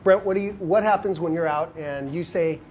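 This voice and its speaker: Animated male dating coach. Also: on the high side, normal speed, a little hiss or hum. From United States. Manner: animated storytelling, acts out quoted lines. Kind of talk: casual coaching talk.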